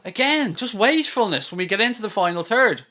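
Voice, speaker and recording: A man's voice: high-pitched, lively intonation, a little fast, pushed and bright. A man hosting a live football watchalong stream, ranting and swearing at trolls with sarcasm.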